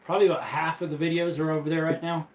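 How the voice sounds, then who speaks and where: A chatty man hosting a live stream from his bedroom, speaking a touch higher than most men. He is easygoing and laughs often while reading viewer comments aloud. The room adds a clear echo. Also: little pitch movement, very fast. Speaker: livestream host.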